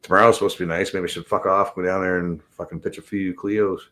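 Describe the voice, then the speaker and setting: Guy cussing his way through video clips, lowish voice, kinda mumbly, laughs a lot. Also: little pitch movement, quick pace, bright, forceful tone. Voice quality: slightly mumbled speech. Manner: swears constantly, laughs, mumbles. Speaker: streamer reacting to clips. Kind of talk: casual profane commentary.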